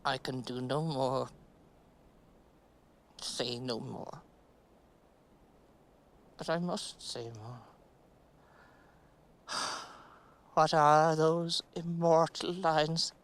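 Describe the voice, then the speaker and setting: Winnie, middle-aged woman stuck in a mound, low-voiced and unhurried, musing stage monologue. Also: fairly even intonation, a little hiss or hum, full character voice. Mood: weary. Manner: musing, halting, sinking to near-whispers. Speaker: stage actress.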